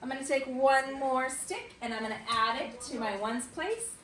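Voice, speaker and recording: A woman teaching kindergarten and first graders in an online morning meeting, slow and sing-song. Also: high-pitched, lively intonation, roomy sound, recorded from a distance, noisy background. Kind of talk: remote morning meeting lesson. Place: at home or classroom on camera.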